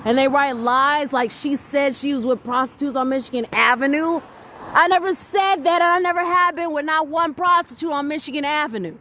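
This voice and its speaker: High-voiced indignant woman ranting. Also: fairly quick, sharp tone, slight background noise. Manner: indignant, emphatic, rambling, swears. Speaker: mother venting on video. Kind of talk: angry personal rant to camera.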